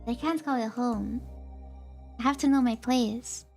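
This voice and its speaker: A young woman streamer reading a visual novel aloud in a soft, hesitant way, with filler sounds between lines. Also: on the high side, unhurried, creaky. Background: faint game music.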